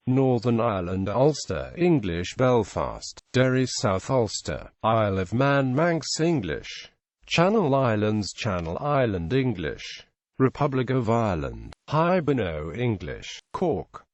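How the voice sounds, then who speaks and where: A male narrator reads an encyclopedia article in an animated, rising and falling voice. His delivery is recorded dry and close, with no room sound at all. He steps steadily through long lists of place names. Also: medium pitch, no room sound. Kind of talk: read-aloud encyclopedia article.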